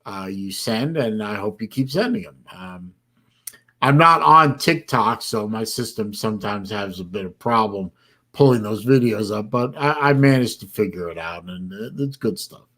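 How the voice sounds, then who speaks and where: On a casual live stream, an older man from Florida talks at a moderate pace in a lowish voice with a fairly bright tone. He comes across as tired, yawns, and rambles with many fillers.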